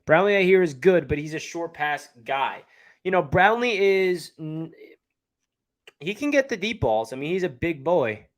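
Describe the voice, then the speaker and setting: A man's voice: fairly high pitch, expressive, a little slow. A man with a New York area accent hosting a casual live stream, chatting and answering viewer comments as he reads them. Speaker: livestream host.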